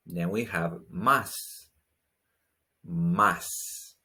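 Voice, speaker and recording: A man's voice: sits low, very slow, bright, forceful tone. A man teaching pronunciation in a patient way, saying each word twice and explaining the sounds. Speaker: language teacher. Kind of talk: slow pronunciation lesson.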